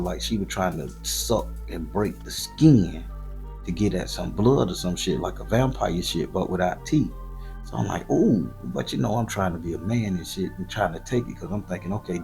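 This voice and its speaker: A man from southern Florida hosting his channel, telling a graphic, profane story in loose, slangy, animated monologue. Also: sits low, gravelly. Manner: profane, slangy and animated, voice jumping up for quoted lines. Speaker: storyteller host.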